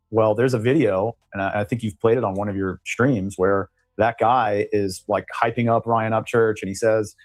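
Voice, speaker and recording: A man's voice: lowish voice, dry recording. A man, an attorney, explaining a case in a long-winded interview conversation. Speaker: attorney guest.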